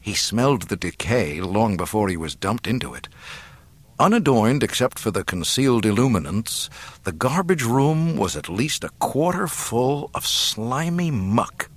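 A man narrating an adventure novel in a measured storytelling manner into a close mic. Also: medium pitch, very animated, no room sound. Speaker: audiobook narrator. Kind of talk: scripted narration.

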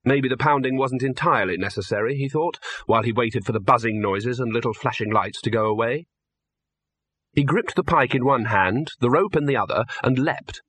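A man reading an audiobook in a measured, dry storytelling manner. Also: medium pitch, fairly bright tone, slightly rough, no echo. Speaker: narrator. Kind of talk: audiobook narration.

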